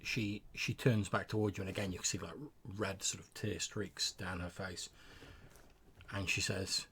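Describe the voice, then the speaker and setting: Low-voiced man running a tabletop game. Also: little pitch movement, moderate pace, a bit bright, a little hiss or hum. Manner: descriptive, with frequent stammered restarts. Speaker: game master.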